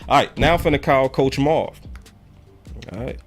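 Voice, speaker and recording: A man's voice: medium pitch, moderate pace, soft background music. A man hosting a live call-in fan show, talking in a loose, slangy way and pressing viewers to hit like. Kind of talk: casual live-stream chat.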